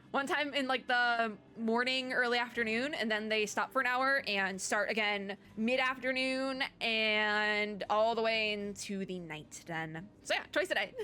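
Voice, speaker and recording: A young adult woman giving chatty, animated commentary while reading a game's story aloud. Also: fairly high pitch. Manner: animated, chatty, quick to react. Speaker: gaming content creator. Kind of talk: game playthrough commentary and reading.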